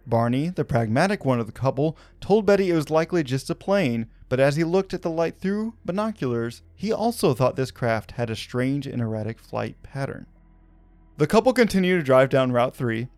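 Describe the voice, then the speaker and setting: A man's voice: mid-range voice, a little mellow, dry recording. Casual male podcast storyteller. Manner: casual, with fillers like "kinda, like". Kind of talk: conversational narration of a paranormal story.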